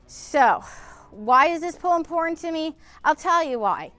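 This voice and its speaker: A woman's voice: high-pitched, animated, measured pace, sharp tone, no room sound. A middle-aged woman, hosting a casual vlog outdoors beside an old pool and talking indignantly to camera. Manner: indignant, emotional, ranting. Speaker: vlog host.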